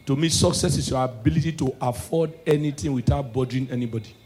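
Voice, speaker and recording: A man with a Nigerian Pidgin English accent performing a stand-up comedy set, swinging between hushed preachy asides and shouted punchlines. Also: medium pitch, fast talker, a little hiss or hum.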